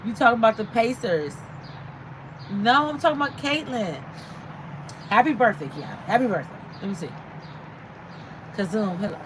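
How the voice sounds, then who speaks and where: A woman's voice: on the high side, expressive, moderate pace, long pauses, noisy background. A woman hosting a casual livestream, chatting and reading out viewer comments. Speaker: livestream host.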